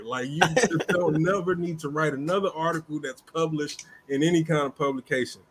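A man co-hosting a casual chat, talking in an animated, emphatic way and jumping up in pitch to stress his points. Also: moderate pace, a little hiss or hum.

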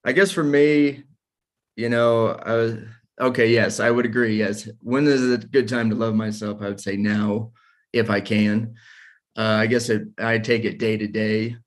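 A man's voice: on the low side, fairly even intonation, measured pace. A man in his forties hosting a casual faith discussion, talking candidly and self-deprecatingly about his own struggles. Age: 40s.

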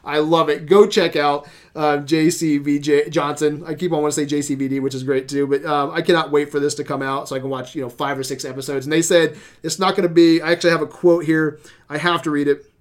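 In a casual podcast conversation, a man with a slightly high voice talks at a quick pace. He animatedly narrates a show scene by scene, laughing and swearing often.

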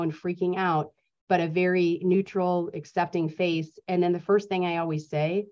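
A woman's voice: on the low side, fairly even intonation, normal speed, a little mellow, lo-fi sound. A woman speaking as a podcast guest, instructive and emphatic as she explains prevention steps. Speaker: school mental health guest. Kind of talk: podcast interview.

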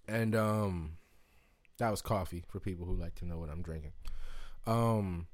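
A man from Indiana chatting casually to camera, rambling and swearing, with excited whoops and jumps into a high voice. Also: unhurried. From Indiana, United States. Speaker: vlogger. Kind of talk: casual chat.

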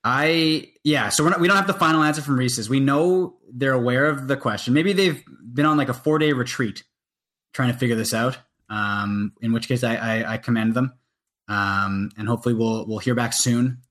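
A man's voice: mid-range voice, normal speed, a bit bright. Rambling man co-hosting a podcast. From Canada. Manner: rambling, self-interrupting, sweary. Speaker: podcast co-host. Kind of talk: casual chat.

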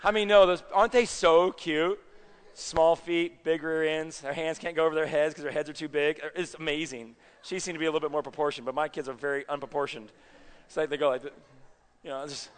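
Guy preaching a sermon, kinda high voice, keeps asking the crowd if they're with him, big echo. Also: fairly quick, smooth. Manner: animated, conversational, checks in with the audience. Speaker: pastor.

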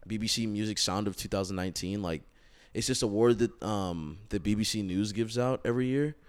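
Casual co-host, male, smooth resonant voice, loose rambling delivery. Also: lowish voice, fairly quick. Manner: rambling, lots of likes and ums. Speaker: podcast co-host. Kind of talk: casual chat.

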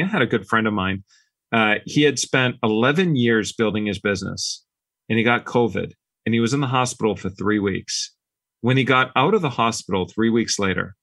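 Man, low voice, dry close sound, relaxed anecdotal podcast guest. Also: dry recording. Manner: relaxed, anecdotal, acts out quoted dialogue. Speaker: business owner guest. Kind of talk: casual podcast storytelling.

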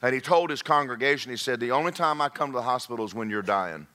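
A man preaching a humorous sermon, shouting his punchlines. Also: medium pitch, expressive, quick pace. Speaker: pastor. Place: church sanctuary.

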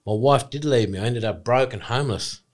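An Australian man in his forties, a former rugby league player telling his story in an excitable, rambling, emphatic way as a podcast guest. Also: medium pitch, a little fast. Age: 40s. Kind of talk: casual podcast interview.

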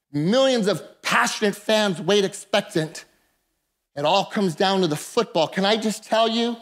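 A man preaching a sermon as pastor of a church service, impassioned, breaking into shouts and calling out to the congregation. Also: high-pitched.

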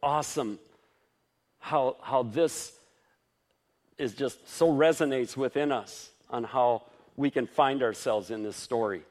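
This male pastor's sermon comes in a mid-range voice at a slow pace. He keeps it informal, punching key points with lively rises, slipping in soft asides and chuckling frequently.

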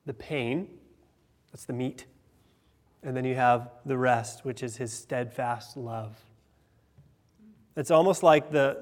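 Earnest male pastor preaching in a hall. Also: mid-range voice. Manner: earnest preaching, swells louder on key phrases, drops soft on others. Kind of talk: sermon. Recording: long hall reverb.

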